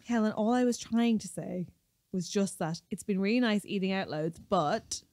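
A woman's voice: mid-range voice, moderate pace, darkish tone, no room sound, studio quality. A woman co-hosting a podcast in casual chat, rambling and self-mocking, teasing her co-host.

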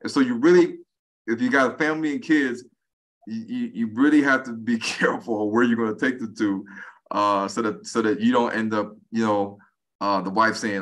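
A man's voice: on the low side, moderate pace. Man in his forties telling stories. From United States. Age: 40s. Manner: animated storyteller, acts out quoted speech. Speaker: podcast guest. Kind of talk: casual conversation.

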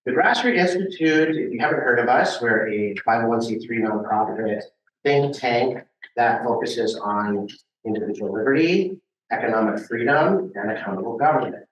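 A man's voice: mid-range voice, animated, normal speed. A man from Hawaii giving a casual, hesitant slide talk for a think tank at a meeting. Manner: casual, hesitant with many fillers. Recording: roomy and distant from the mic.

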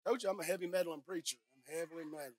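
A middle-aged woman pastor preaching a sermon on a clip-on mic, swinging from soft asides to loud shouted peaks and joking with the congregation. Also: lowish voice, racing. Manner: playful, talks directly to the congregation. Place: church sanctuary. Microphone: headset or clip-on microphone.

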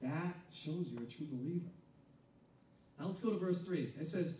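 A high-voiced male pastor delivers an animated sermon at normal speed, preaching conversationally and acting out the voices of reluctant, doubting churchgoers before building to loud, shouted climaxes. He's picked up from a distance in an echoey room, with a faint hum of ambience in the background.

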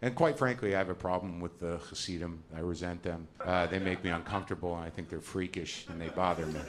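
An American man doing stand-up comedy on a theater stage, ranting in a sardonic way, with a live audience laughing behind him. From United States. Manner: ranting, sardonic, acts out characters in shrill high voices. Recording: noisy live stage recording.

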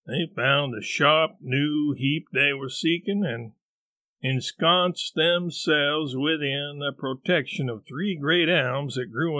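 Male audiobook narrator, slow and measured, dry close recording. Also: fairly high pitch, pushed and bright, no room sound. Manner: measured, deliberate storytelling.

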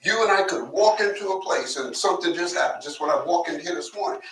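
Guy preaching a sermon, kinda high bright voice, storytelling style, echoey church mic from far off. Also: fast. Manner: conversational storytelling preacher, repeats words, asks the congregation to listen. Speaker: pastor. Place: church sanctuary. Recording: echoey church from a distance, faint hiss.

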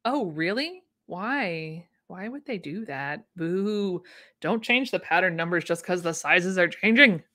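Her voice sits on the low side, expressive and unhurried, with a bright, forceful tone. She's hosting a casual livestream on vintage sewing patterns in a room at home, enthusiastically chatting and replying to viewer comments.

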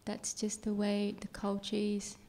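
Slow, gravelly middle-aged woman. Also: mid-range voice, completely flat delivery, mellow. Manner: slow, hesitant, searching for words. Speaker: speaker's mother joining the talk.

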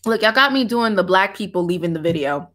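A woman's voice: mid-range voice, expressive, a little fast, a bit bright. A woman, chatting animatedly with viewers on a livestream from her home office and laughing often. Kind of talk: casual livestream chat.

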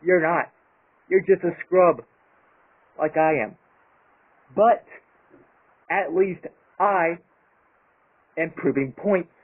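A man's voice: fairly high pitch, slow, pauses often, husky. A man delivering an angry, profanity-heavy vlog rant about his channel. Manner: angry, profane, emphatic ranting. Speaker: YouTuber. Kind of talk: ranting vlog monologue. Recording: tinny phone-like sound.

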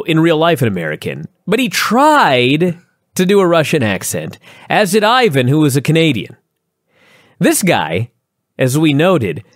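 A man co-hosting a casual review podcast, talking in a profane, sarcastic and animated way. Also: a little high, dry recording, studio quality. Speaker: podcast co-host.

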